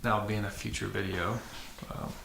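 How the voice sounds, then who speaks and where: A man's voice: on the low side, little pitch movement, normal speed, vocal fry, fairly bright tone. A man hosting a dirt bike vlog, talking casually to camera with many fillers and restarts in a matter-of-fact way. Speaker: channel host. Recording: echoey room with faint noise.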